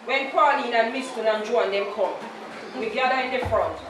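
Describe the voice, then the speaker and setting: A woman's voice: fairly high pitch, normal speed. A Jamaican woman in her fifties giving a funeral eulogy, telling stories and slipping into patois quotes. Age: 50s. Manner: anecdotal storytelling, slips into patois quotes. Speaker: eulogist, daughter of the deceased. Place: large church. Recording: echoey church, distant and noisy.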